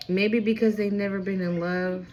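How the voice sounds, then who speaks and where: A woman's voice: mid-range voice, dull audio, faint music behind. A woman giving a casual spiritual reading straight to her viewers, emphatic and chatty, with casual swearing. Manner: excitable, quick swings in loudness. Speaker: intuitive card reader.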